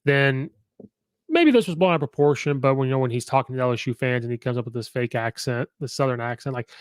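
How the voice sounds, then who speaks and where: Man, podcast host, casual sports talk, opinionated, medium pitch, dry close sound. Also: quick pace, dry recording. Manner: opinionated, rattles off records, many fillers.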